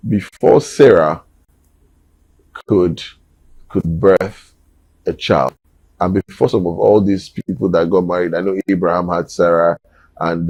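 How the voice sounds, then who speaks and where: A man's voice: low voice, a little mellow, breathy edge, dry recording, rough recording. A man, giving an emphatic, preachy opinion monologue and repeating words for emphasis. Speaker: commentator.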